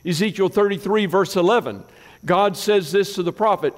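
A man preaching a sermon, mixing scripture with folksy personal stories and dropping his voice low for asides. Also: normal speed, long reverb tail. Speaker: pastor.

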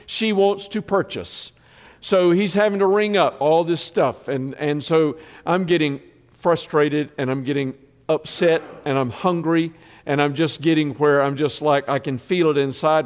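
A man preaching a sermon, mixing scripture with folksy personal stories and dropping his voice low for asides. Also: clear, resonant tone, big-room sound. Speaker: pastor.

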